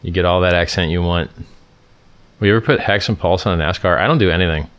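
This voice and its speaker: Casual livestream host, male, from California, low voice, emphatic, repeats himself and restarts lines. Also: fast, fairly bright tone. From Stockton, California, USA. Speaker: livestream host answering viewer questions.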